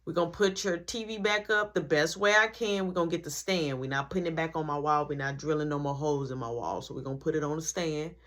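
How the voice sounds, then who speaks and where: A man doing a loud, bossy mother. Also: fairly high pitch, steady tone, fast talker, few pauses, voice pushed down, natural voice. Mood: stern. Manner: sharp scolding with bossy commands. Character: strict, loud, no-nonsense mother.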